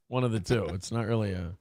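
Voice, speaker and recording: A man's voice: lowish voice, normal speed, darkish tone, dry recording, clean studio sound. A man hosting a casual show, joking crudely, laughing often and reading viewer chat messages aloud. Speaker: morning show host.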